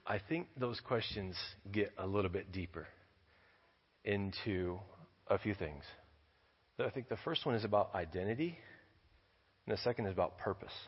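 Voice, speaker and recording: A man's voice: on the low side, expressive, husky, in a large hall, highs cut off. A missionary man preaching a sermon, reading scripture and telling a story, often repeating words as he goes. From United States. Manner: halting, repeats words while building a story. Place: church.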